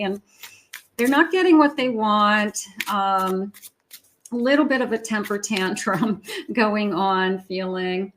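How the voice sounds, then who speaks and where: A woman's voice: mid-range voice, fairly even intonation, moderate pace, fairly bright tone. A woman giving a tarot reading in a chatty, conversational way, with frequent fillers and restarts. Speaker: tarot reader.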